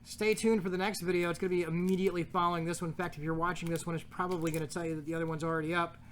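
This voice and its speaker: Brief: man, slightly high voice, casual host reading card text, joking, faint room noise. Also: level tone, racing. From United States. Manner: reads card text aloud, jokey, stumbles over words. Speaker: card shop host opening packs. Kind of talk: casual pack-opening commentary.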